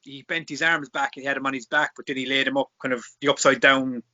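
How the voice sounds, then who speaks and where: A man in casual chat, halting as he searches for words. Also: medium pitch, fairly even intonation, sharp tone, lo-fi sound.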